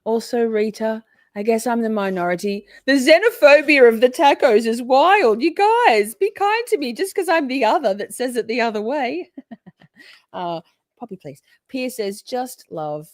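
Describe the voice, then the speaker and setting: A woman's voice: a little high, lively intonation, normal speed, darkish tone, no room sound, studio quality. An Australian woman hosting a livestream, chatting casually and reading viewer comments aloud with frequent laughs. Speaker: livestream host.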